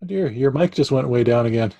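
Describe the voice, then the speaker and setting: A man's voice: medium pitch, a little fast, creaky, dark tone, no room sound. A middle-aged Canadian man co-hosting a podcast, with jokey, laid-back banter. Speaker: podcast co-host. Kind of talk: casual chat.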